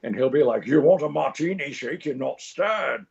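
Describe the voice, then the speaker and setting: A man's voice: fairly high pitch, expressive, moderate pace, vocal fry, darkish tone, breathy edge, full character voice. A male voice actor doing an impression of a famous older film star, with a wry, offhand delivery, over a dull lo-fi recording.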